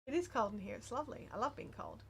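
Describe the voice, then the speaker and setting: A woman's voice: a little high, big pitch swings, fast talker, creaky, fairly bright tone, slight background noise. A woman with an Australian accent, hosting a casual crafting livestream and chatting with viewers in a rambling way with lots of fillers. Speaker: crochet livestream host. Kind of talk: casual chat reading viewer comments.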